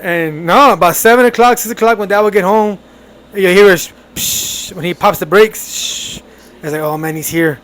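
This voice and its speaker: A young man co-hosting a podcast, telling a family story in casual, animated chat with laughs. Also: high-pitched, normal speed. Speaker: podcast co-host.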